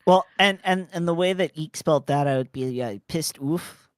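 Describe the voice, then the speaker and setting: A man's voice: a little high, a little fast, smooth, no room sound, studio quality. A Canadian man with a Newfoundland accent, chatting casually and playfully while gaming on a stream. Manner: playful, hams up his accent. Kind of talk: casual chat.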